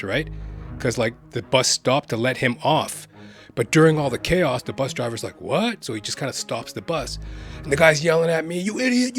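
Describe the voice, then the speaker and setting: A man vlogging, telling a personal story in a casual, animated way and constantly checking in with the listener. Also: mid-range voice. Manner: animated, keeps adding "right?".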